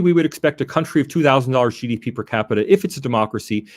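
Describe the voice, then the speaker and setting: A man, an academic guest, giving a measured, emphatic interview answer with some restarts. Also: medium pitch.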